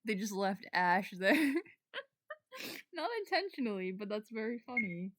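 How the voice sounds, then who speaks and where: A young woman doing let's play commentary, giggly and excitable, voicing the dialogue with a sore throat. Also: medium pitch, slow pace, poor audio. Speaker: game streamer.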